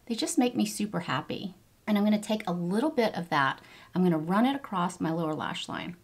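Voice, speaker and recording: Fifties woman, beauty vlogger, low-pitched and effusive, talks viewers through a makeup routine with eager praise. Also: lively intonation, brisk. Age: 50s. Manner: gushing, enthusiastic product praise. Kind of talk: get-ready-with-me makeup tutorial.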